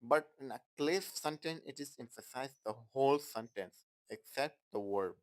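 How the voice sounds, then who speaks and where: A man's voice: mid-range voice, lively intonation, moderate pace, rough recording. A man teaching an English grammar lesson in non-native, broken English. He repeats his example sentences and keeps checking in with "Okay, guys?".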